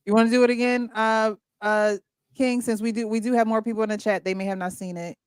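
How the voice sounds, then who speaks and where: A woman's voice: fairly high pitch, fairly even intonation, fast, smooth, no echo, studio quality. A woman hosting a casual video-call talk show, upbeat and handing questions to each guest. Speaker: host. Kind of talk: casual chat.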